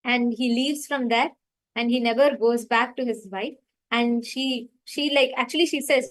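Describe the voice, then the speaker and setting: A woman's voice: sits high, fairly even intonation, measured pace, rough recording. A woman telling a devotional story in an earnest, unscripted way, full of fillers like "like" and "you know". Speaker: spiritual storyteller. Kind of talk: spiritual storytelling talk.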